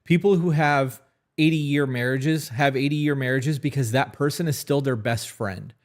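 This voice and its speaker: A man's voice: medium pitch, normal speed. A man co-hosting a live advice podcast, talking candidly and at length, with casual swearing. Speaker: podcast co-host.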